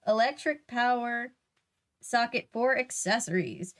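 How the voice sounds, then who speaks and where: A woman's voice: a little high, a little slow, a bit bright. A woman voicing a burly adult male mechanic who shows off his work, reading a storybook aloud. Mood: boastful.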